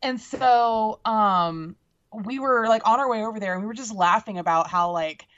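A woman co-hosting a podcast, casually telling an animated story, swearing and laughing as she goes. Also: medium pitch, moderate pace, muffled recording. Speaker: podcast co-host. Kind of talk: casual chat.

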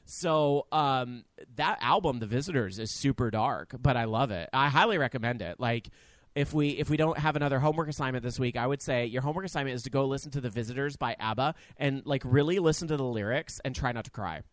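A man's voice: medium pitch, fast talker, dry recording. A man co-hosting a podcast in a casual chat, wry and self-deprecating, prompting his co-host with questions.

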